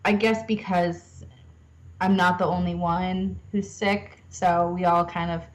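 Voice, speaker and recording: A woman's voice: lowish voice, level tone, a little slow, rough recording. Chatty young woman podcast guest. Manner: chatty, self-deprecating, laughs often. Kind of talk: casual interview chat.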